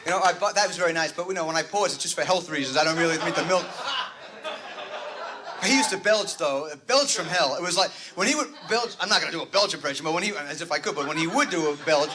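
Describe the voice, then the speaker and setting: A man's voice: on the high side, fast talker, crowd noise. A man doing a rambling, neurotic stand-up comedy routine, interrupting himself. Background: audience laughter.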